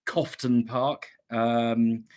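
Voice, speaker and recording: A man's voice: medium pitch, flat delivery, drawn-out words, a little mellow. A man from England hosting a casual livestream, reading chat messages aloud and chatting back with many ums and restarts, a slight cough lingering. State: slight cough, recovering from illness.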